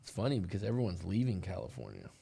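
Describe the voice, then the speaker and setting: Gravelly low-voiced man, rambling coach. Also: huge pitch swings, fast talker, warm tone. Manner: rambling, restarts often, calls listeners "boss man". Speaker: breakup coach and podcast host. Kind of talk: casual live-stream chat and storytelling.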